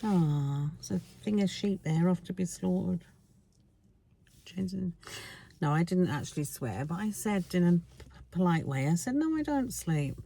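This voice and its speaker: A woman's voice: on the low side, normal speed, vocal fry, dark tone. Blunt chatty woman vlogging from car. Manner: blunt, chatty and self-mocking. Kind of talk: casual chat while driving. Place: inside a car.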